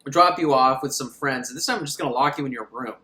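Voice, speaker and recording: A man's voice: medium pitch, quick pace, sharp tone, echoey room, natural voice. A man voicing a brash, reckless young man who talks in a flippant, sarcastic way. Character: teenage boy, brash and reckless.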